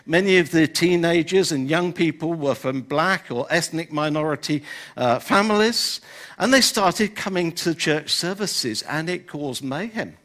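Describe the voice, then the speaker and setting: A man's voice: fairly high pitch, animated, a little slow, a bit bright. An older man, preaching a sermon in a conversational way and often saying "you know". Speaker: pastor.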